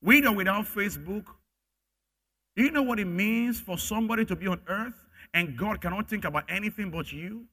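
A pastor preaching a sermon, swinging from loud emphatic bursts to quiet asides. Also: male voice, fairly quick. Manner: emphatic, rising to loud bursts then dropping low.

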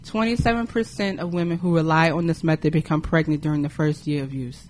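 Speaker reading facts aloud haltingly. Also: mid-range voice, fairly even intonation, slight background noise. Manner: reads haltingly with pauses and fillers. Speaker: podcast guest reading myths. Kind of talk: reading aloud in casual chat.

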